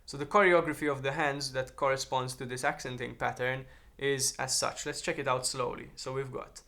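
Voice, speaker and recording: A man's voice: medium pitch, steady tone, normal speed, vocal fry, hardly any pauses, bright, forceful tone, slight background noise. A man teaching a drum lesson on a practice pad, explaining technique and counting beats aloud.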